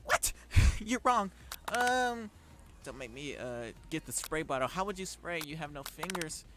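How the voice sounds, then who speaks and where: A man's voice: a little high, animated, moderate pace, noisy background. A man streaming a dating-sim game, reading the text aloud and reacting with laughter and lots of fillers. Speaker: gaming streamer.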